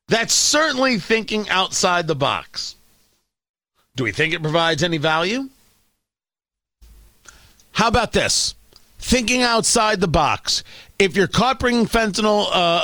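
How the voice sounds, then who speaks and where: Male talk host, sarcastic ranter, bright tense tone, dry close sound. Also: high-pitched, dry recording. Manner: sarcastic, ranting, stammers when worked up. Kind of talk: opinion talk show commentary.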